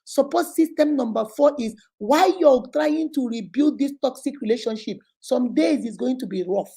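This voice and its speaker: A woman's voice: sits high, normal speed, few pauses, mellow, slightly rough. A middle-aged woman with a Nigerian accent, giving earnest, emphatic relationship advice as the host of a talk video. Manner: earnest and emphatic, lapses into Igbo phrases.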